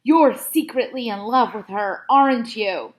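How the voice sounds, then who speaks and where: A woman voicing a gruff, bossy adult male police officer who barks his questions. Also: a little high, a little slow, close to an everyday voice. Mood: blustering. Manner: barking, blustery interrogating.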